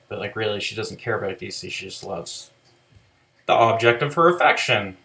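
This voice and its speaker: A man talking through an album track by track in a loose, casual way. He rambles, leans on "like" constantly and swears offhandedly. His voice sits at an ordinary middle pitch. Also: lively intonation, normal speed, pauses often, bright, forceful tone. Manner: rambling, many "like" fillers, loose profanity. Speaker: album reviewer. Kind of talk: casual spoken music review.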